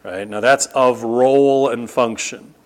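Middle-aged male pastor, emphatic teaching sermon, mid-pitched voice, repeats words for stress. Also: fairly even intonation, unhurried. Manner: emphatic, rises to sharp high bursts and repeats "no, no, no"; teaching, explains Greek grammar to the congregation.

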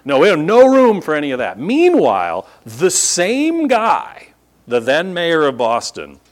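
A man's voice: fairly high pitch, wildly swooping pitch, a little slow. A male pastor preaching a sermon, firing rhetorical questions at his congregation and acting out disbelieving reactions. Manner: acts out incredulous reactions. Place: church sanctuary at a podium.

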